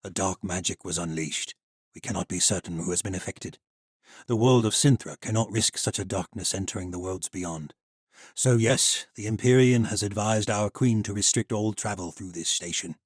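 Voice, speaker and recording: A man playing a gruff, stern armored knight standing guard. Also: lowish voice, normal speed, no room sound, studio quality.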